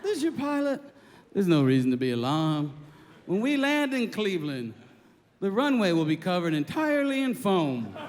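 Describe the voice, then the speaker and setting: A man voicing a calm, mellow airline pilot who speaks in a slow, soothing, deadpan way over the intercom. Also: high-pitched, big-room sound, pitched below the performer's own voice.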